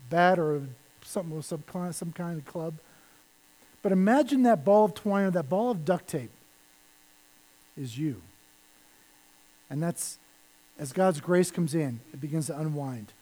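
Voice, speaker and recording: A male pastor preaching a sermon, animated, with lines that fall to a hush. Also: high-pitched, low-quality recording. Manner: animated preaching that drops to soft, hushed lines.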